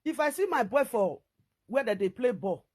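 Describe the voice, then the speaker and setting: A middle-aged woman with a Nigerian Pidgin accent, ranting to camera in a scolding, repetitive, animated way as a vlogger. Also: a little high, normal speed.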